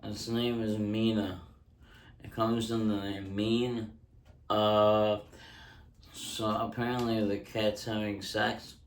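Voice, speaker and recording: Low, flat-voiced man doing rambling stand-up. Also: slow pace. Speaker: stand-up comedian. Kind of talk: casual ASMR stand-up bit. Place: indoors at home. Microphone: handheld mic close up.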